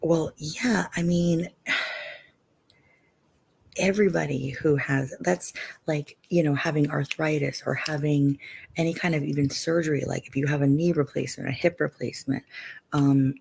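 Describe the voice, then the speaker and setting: A woman's voice: low-pitched, steady tone, normal speed, gravelly, a little mellow, breathy edge. A middle-aged woman hosting a live stream, chatting casually with viewers and often saying "you know".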